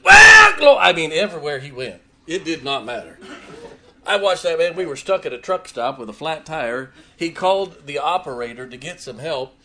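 A man preaching, telling a personal story with emotion and dropping his voice low in tender moments. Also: a bit bright. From Ohio. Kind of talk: sermon storytelling.

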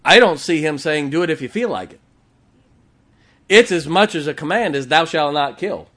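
A man's voice: on the high side, lively intonation, moderate pace, a bit bright. A middle-aged man preaching a sermon, drawing call-and-response from the congregation and slipping in jokes. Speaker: pastor.

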